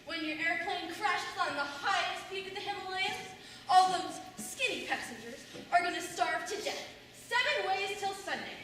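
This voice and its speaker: Young actress as a sardonic middle-aged mother, high bright voice, lively swings, echoey hall from far off, faint hiss. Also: normal speed, full character voice. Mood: lecturing. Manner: sardonic storytelling, mimics others' voices. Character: wry, bitter middle-aged mother remembering her daughter. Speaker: student actor. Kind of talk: stage monologue. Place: school stage in a large hall. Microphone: distant room mic.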